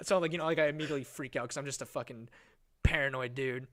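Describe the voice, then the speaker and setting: Fast-talking young man telling a rambling story. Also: medium pitch, fairly even intonation, fairly bright tone. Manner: rambling, swearing, laughs often, acts out quotes. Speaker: podcast host. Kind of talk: casual storytelling chat.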